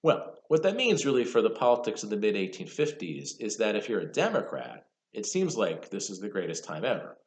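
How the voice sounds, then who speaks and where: A man giving a university history lecture, conversational and lively, telling the story with casual asides. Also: on the low side, a little fast, hardly any pauses, reverberant. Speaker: history professor.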